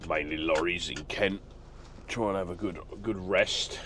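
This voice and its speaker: A middle-aged man talks through his trucking day in a loose, rambling way, full of ums and uhs. His voice sits a little low. Faint outdoor traffic noise hangs behind him. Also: moderate pace. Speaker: truck driver vlogger. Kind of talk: casual vlog chat.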